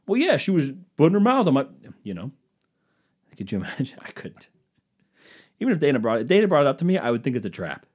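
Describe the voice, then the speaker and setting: A young man riffs alone on his comedy podcast, his pitch bouncing up and down as he rambles. He mocks himself and turns to an imaginary crowd for jokey asides. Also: big pitch swings, a little fast, darkish tone, slightly rough. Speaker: podcast host. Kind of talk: solo comedic podcast rant.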